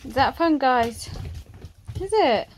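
High, sing-song woman coaxing puppies. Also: lively intonation, slow pace, a little hiss or hum. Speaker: dog breeder. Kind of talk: talking to puppies while handling them. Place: kennel yard and office with puppies.

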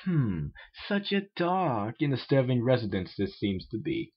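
A man voicing a pompous male alien inventor with slow, stiff, formal speech. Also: mid-range voice, huge pitch swings, husky, dull audio, exaggerated voice.

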